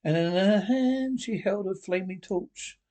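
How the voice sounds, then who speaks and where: A man's voice: sits high, a little slow, darkish tone. A man reading the part of a frail, frightened young woman haunted by a witch in an old radio play, with an anxious, pleading manner.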